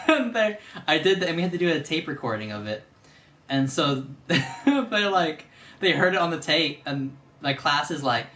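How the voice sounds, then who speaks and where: A man chats casually while gaming, his pitch swinging widely as he laughs and breaks into silly voices. The room gives his voice a noticeable echo. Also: very animated, unhurried, sharp tone, slight background noise. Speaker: streamer. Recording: roomy echoey room.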